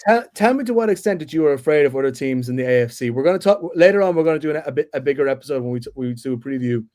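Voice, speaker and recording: A man co-hosting a relaxed sports podcast. His voice sits at an ordinary middle pitch, and he talks in stop-start phrases, restarting words as he works his thoughts out, with easy teasing banter. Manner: halting, lots of restarts, bantering. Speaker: podcast co-host. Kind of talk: casual sports chat.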